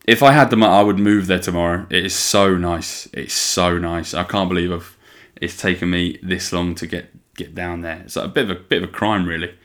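A young man with a notably low voice hosts his podcast alone in easygoing chat, putting on a playful West Country twang. He is enthusiastic and loose, swears freely, repeats phrases and keeps calling his listeners his lovelies. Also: fairly even intonation, brisk, a bit bright. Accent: playful put-on West Country twang. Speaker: podcast host. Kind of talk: casual solo chat.

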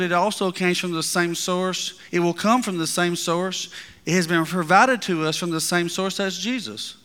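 A man preaching a sermon as pastor, building to emphatic peaks and dropping to quiet asides. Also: high voice, big-room sound. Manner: preaching, rising and falling with emphasis.

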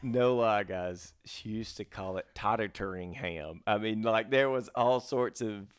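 A man's voice: on the low side, fairly even intonation, measured pace, clear, resonant tone. A man with a faded Texan twang co-hosting a podcast, telling stories in a rambling, easygoing way with frequent restarts. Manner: rambling, restarts a lot, laughs easily. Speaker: podcast co-host. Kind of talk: casual chat.

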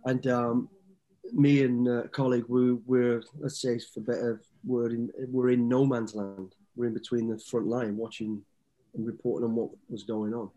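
Man, fifties, warm dark voice, relaxed rambling storyteller, interview guest. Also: mid-range voice, moderate pace, lo-fi sound. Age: 50s. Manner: easygoing, rambling anecdotes with many restarts.

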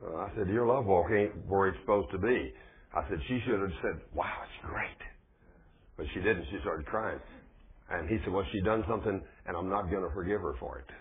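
A man preaching a sermon in a folksy, conversational way, husky, pushing hard on key points. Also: low-pitched, fairly quick. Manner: folksy, conversational preaching with plain speech and rising emphasis. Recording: phone-like, thin lo-fi recording.

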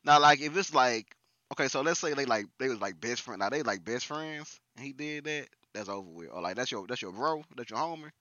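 A young man with a very bright, lively voice tells stories emphatically in slangy podcast chat from home. The sound is dry and a little dull. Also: mid-range voice, fairly quick, no room sound.

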